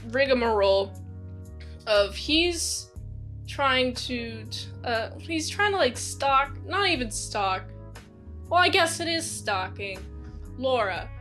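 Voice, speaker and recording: A woman giving a casual spoken movie review, rambling with lots of fillers and acting out lively quotes. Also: high voice.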